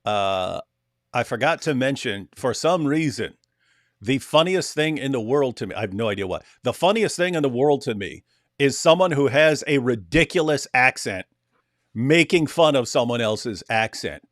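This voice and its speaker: A man's voice: medium pitch, expressive, moderate pace, no echo. Rambling man on a dry video call. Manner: rambling, laughing, mock accents. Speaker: co-host. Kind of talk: casual livestream chat.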